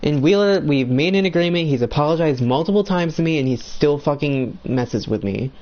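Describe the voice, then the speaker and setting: A man's voice: on the high side, expressive, brisk, darkish tone, muffled recording. A young man ranting bluntly about friends while playing a video game, swearing a lot in a heated, agitated way.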